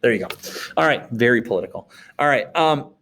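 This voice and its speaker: A teacher from Wisconsin talks through his slides in a relaxed, chatty way. He is a man with a mid-range voice, and he keeps checking in with his listeners as he goes. He drops in little jokes between points. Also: medium pitch, a little fast. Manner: casual, joking asides, frequent "okay?" check-ins. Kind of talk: recorded class recap lecture.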